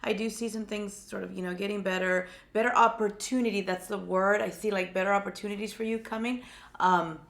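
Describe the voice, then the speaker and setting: A woman with a sore, slightly gravelly throat gives psychic readings on a live stream. She keeps her voice low and soft, trailing and repeating words as she reaches for what she senses. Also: fairly even intonation, fairly quick. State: sore throat, speaking quietly. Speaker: psychic reader, co-host.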